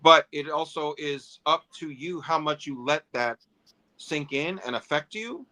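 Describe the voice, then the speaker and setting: A man co-hosting a casual toy livestream, talking in a thoughtful, measured way. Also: a little high, sharp tone.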